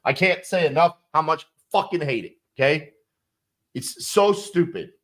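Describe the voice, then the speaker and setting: Speaking a little slowly, this sales coach has an expressive, slightly high, fairly bright voice. He breaks down a calling script bluntly and with emphasis, occasionally cursing, and acts out both sides of the calls.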